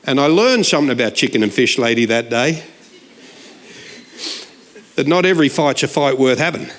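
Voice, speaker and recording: A man's voice: mid-range voice, normal speed. A man, preaching a humorous sermon full of stories and punchlines. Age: 60s. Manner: jokey, animated, shouts punchlines. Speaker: guest preacher.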